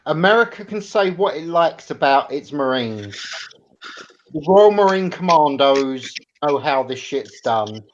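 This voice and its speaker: A man's voice: on the high side, sing-song, unhurried, slight background noise. Opinionated British man, muffled audio. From Britain. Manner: opinionated, argumentative. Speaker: podcast host. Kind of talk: casual banter. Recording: dull lo-fi audio.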